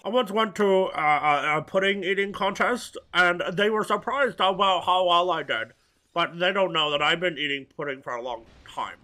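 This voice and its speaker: A man's voice: sits high, sharp tone. A man giving rambling let's-play commentary full of absurd, off-color jokes. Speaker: gaming video host.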